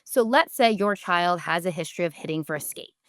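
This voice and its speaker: A woman's voice: lowish voice, fairly quick, no echo, clean studio sound. A woman, a podcast host giving direct, emphatic parenting advice and briefly acting out what parents and children say.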